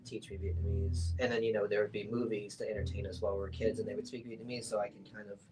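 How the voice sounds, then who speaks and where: A man's voice: fairly low pitch, fast talker, low-quality recording. A young American man, an artist being interviewed, talking casually with lots of fillers and acting out the voices of people he quotes. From United States. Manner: relaxed, acts out quoted voices, many fillers.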